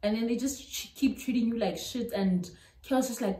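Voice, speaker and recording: A young South African woman with a South African accent tells a storytime vlog in animated style, mixing local-language words into her English. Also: on the high side, normal speed. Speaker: YouTuber. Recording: roomy echo.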